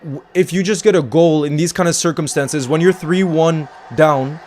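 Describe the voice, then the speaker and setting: A man watching a football match and reacting live, talking to the screen and erupting into shouts when his team scores. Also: a little high, normal speed, slight background noise. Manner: excitable, talks to the screen, erupts into shouting at goals.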